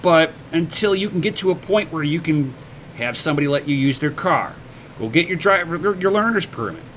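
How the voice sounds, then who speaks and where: Animated and fairly quick, this man speaks with a fairly high, slightly bright voice over a faint hiss or hum. As host of a casual livestream, he replies to viewer comments with blunt motivational advice, swears casually, and trips on repeated words when opening sentences.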